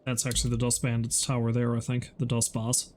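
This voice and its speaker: A man's voice: medium pitch, completely flat delivery, fairly quick, a little mellow, slight background noise. A man streaming a video game, chatting casually and profanely, with a self-mocking manner. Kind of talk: casual gameplay commentary.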